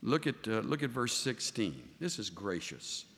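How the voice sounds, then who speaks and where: A man preaching a sermon as a pastor, animated and voicing the figures he quotes. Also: on the low side, unhurried. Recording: long hall reverb.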